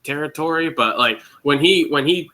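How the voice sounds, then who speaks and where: A man's voice: a little high, moderate pace, pushed and bright. A man on a casual panel, recounting a moment unhurriedly and searching for words. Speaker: panel guest.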